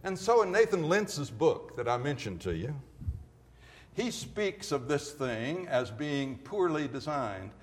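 A man's voice: fairly high pitch, very animated, slow, long reverb tail. A man giving a classroom lecture, emphatic and full of rhetorical questions.

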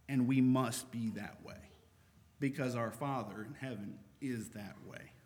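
A man's voice: mid-range voice, a little slow, a little mellow. A man preaching a sermon in a conversational way, reading scripture aloud between points. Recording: long reverb of a large hall.

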